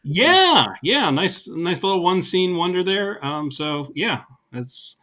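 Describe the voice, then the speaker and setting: A man's voice: high-pitched, sing-song, slow, bright, forceful tone. A man co-hosting a podcast, casually recapping a movie with dry, sarcastic humor. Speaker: podcast co-host.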